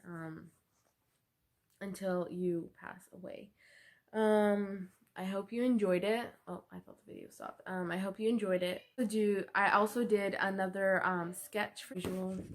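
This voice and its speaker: A young woman student giving a book report presentation, talking hesitantly with many fillers. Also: mid-range voice.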